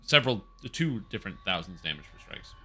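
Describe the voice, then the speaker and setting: A man chats through a game stream in a loose, rambling way, swearing casually and getting excited as he goes. His voice is strikingly bright and forceful, and it sits fairly low. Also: brisk, husky. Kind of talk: casual gameplay commentary.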